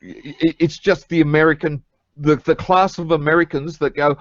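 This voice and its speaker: An Australian man, a bit drunk and slurring, chatting casually in an online group call with a halting, rambling manner. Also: on the high side, no room sound, dull audio. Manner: rambling, halting, laughs at own jokes. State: tipsy, slightly slurring.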